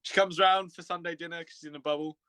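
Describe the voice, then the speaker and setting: A man's voice: on the high side, fairly even intonation, fast talker, sharp tone, clean tone. A young man, chatting casually on a live stream, laughing often and rambling with restarts. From England.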